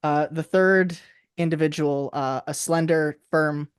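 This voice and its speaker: A man running a tabletop game as game master, narrating scenes in a relaxed, halting way with fillers. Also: on the high side, clean tone, dry recording, studio quality.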